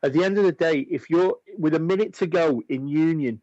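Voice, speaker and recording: Man, slightly high voice, stammering restarts, dull dry radio sound. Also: fairly quick, mellow, no echo. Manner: stammering restarts, earnest, argues a point. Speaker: radio show co-host. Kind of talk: casual sports chat. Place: radio studio.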